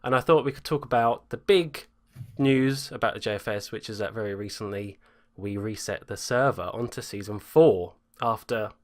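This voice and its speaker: A man's voice: on the low side, normal speed. Chatty young man hosting a podcast. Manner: chatty, self-mocking. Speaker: podcast host. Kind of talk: casual group chat.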